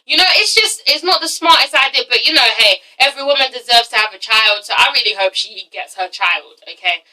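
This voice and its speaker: A nineteen-year-old English vlogger rants through a casual reality TV review, sassy and swearing a lot, repeatedly tagging her points with "okay?" Her fairly high voice moves fairly quickly with a pushed, bright tone, recorded far from the mic in low quality.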